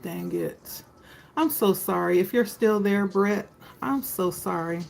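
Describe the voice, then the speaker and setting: A woman's voice: mid-range voice, wildly swooping pitch, slow pace, vocal fry, darkish tone, low-quality recording. A woman hosting a live tarot stream, chatting casually and greeting viewers by name.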